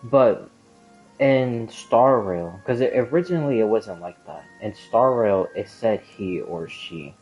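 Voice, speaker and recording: Unhurried and expressive, a gaming lore commentator with a lowish, darkish voice rambles through a theory in a casual explanatory monologue. He hesitates often, using filler words and restarting, while faint music plays behind the lo-fi sound.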